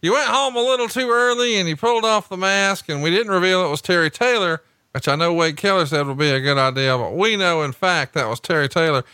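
Bright, teasing male podcast co-host. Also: sits high, a little fast, hardly any pauses, clean tone, dry recording. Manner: joking, teasing, profane. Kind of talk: casual podcast chat, mock commentary.

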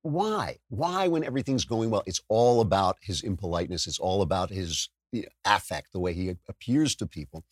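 A man's voice: low-pitched, brisk, few pauses, breathy edge, no room sound, clean studio sound. A man hosting a podcast, delivering a sarcastic political commentary monologue with lots of restarts and self-corrections. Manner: animated, sarcastic, mimics voices. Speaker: podcast host.

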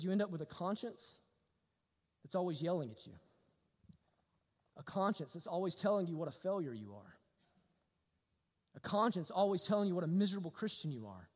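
A man preaching a sermon, animated, swinging from loud to hushed. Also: high-pitched. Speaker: pastor. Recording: long reverb of a hall.

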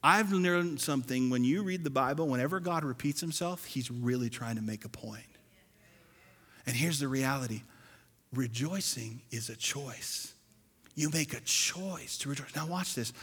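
A man preaching a sermon as pastor, animated, swinging between loud and soft and acting out churchgoers. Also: mid-range voice, moderate pace, slightly rough. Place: church sanctuary. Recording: long hall reverb.

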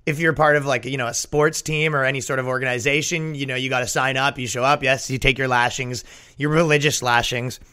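A man hosting a comedy podcast, riffing sarcastically and jumping up in pitch for mocking asides. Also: steady tone, fairly quick, sharp tone, clear, resonant tone. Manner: sarcastic, jumps in pitch for mock quotes.

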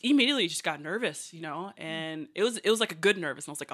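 A woman in her thirties recounts a moment from her career with lots of "you know" and "like". Her voice is bright and forward, and she keeps breaking into laughter as she goes. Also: low-pitched, fast, few pauses. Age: 30s. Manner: animated, laughing storyteller with many fillers. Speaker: guest soccer player. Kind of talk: casual storytelling.

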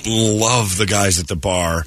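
A man's voice: low-pitched, fairly even intonation, normal speed, a bit bright, slightly rough, no echo. A man hosting a morning radio show, telling a story in casual banter and slipping into quoted voices.

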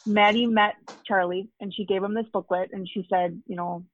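A woman's voice: medium pitch, fairly even intonation, normal speed, no room sound, phone-quality sound. Chatty mother telling a fan story. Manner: chatty, many fillers and restarts. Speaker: guest, mother of a young fan. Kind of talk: casual interview storytelling.

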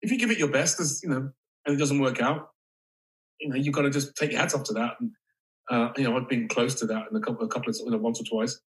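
A male actor speaking as an interview guest, halting and reflective, with casual swearing. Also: mid-range voice, low-quality recording. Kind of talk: candid interview conversation.

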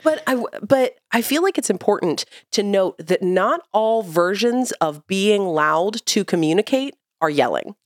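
A woman's voice: mid-range voice, animated, unhurried, hardly any pauses, dry recording, studio quality. A woman in her thirties co-hosting a casual parenting podcast, speaking in a reflective way, explaining carefully and laughing often. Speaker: podcast co-host.

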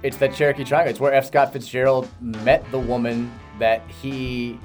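A man's voice: medium pitch, flat delivery, normal speed, a little mellow, soft background music. A man in his thirties from Kentucky, co-hosting a casual chat and telling rambling, self-amused stories. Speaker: podcast co-host.

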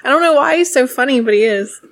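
A woman with a fairly high voice co-hosts a casual podcast chat. She mostly chimes in with short agreeing replies and laughs easily. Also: lively intonation, fast. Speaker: podcast co-host.

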